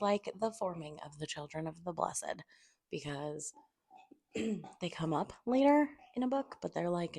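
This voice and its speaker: A young woman talks through a fantasy book in a loose, spoilery review. Her voice sits low with a gravelly fry, and she swears freely while acting out the characters in quick asides, sometimes sinking to a near-whisper. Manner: drops to a near-whisper at times to keep quiet. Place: home room at a table.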